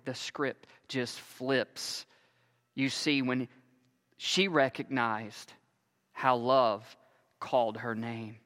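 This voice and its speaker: A man preaching slowly and earnestly, leaving long pauses between phrases. His voice sits a little high for a man. The sound carries a long hall reverb. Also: a bit bright. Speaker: pastor. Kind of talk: sermon.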